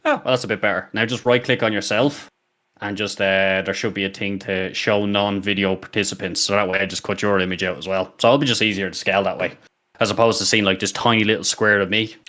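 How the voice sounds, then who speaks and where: A man's voice: on the low side, steady tone, fast, sharp tone. A man chatting casually over a voice call as a co-streamer, laid-back and rambling, swearing now and then. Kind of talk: casual chat.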